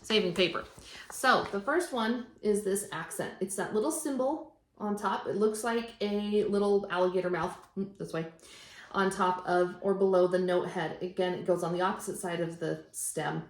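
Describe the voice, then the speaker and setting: A woman's voice: mid-range voice, normal speed. A woman teaching a strings class, explaining music terms patiently, step by step, and counting beats aloud. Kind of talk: instructional explanation. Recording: echoey room, faint background noise.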